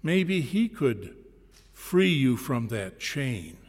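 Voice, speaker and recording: A man's voice: medium pitch, big pitch swings, very slow, breathy edge, full character voice. A man voicing an earnest, puzzled male pastor in a story, with a raised, pleading tone. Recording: long reverb in a large hall.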